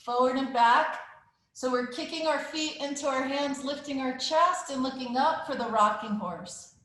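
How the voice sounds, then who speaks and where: Making animal sounds as she goes, a kids yoga teacher runs a playful, encouraging children's yoga class in a live virtual session. Her voice sits high with a fairly bright tone and moves at a normal speed. The recording comes from a very echoey room.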